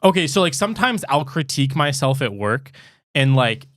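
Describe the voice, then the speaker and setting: A man's voice: medium pitch, sing-song, moderate pace, a bit bright, no room sound, studio quality. A man co-hosting a podcast, blunt and profane, stammering through restarts in casual chat. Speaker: podcast co-host.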